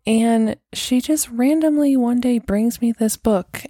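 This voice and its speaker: A woman's voice: on the high side, takes it slowly, dark tone, dry recording, clean studio sound. A woman in her thirties hosting a solo podcast, chatting casually and rambling with lots of "like" and "um". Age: 30s. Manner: chatty, rambling, heavy use of "like" and "um". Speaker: podcast host.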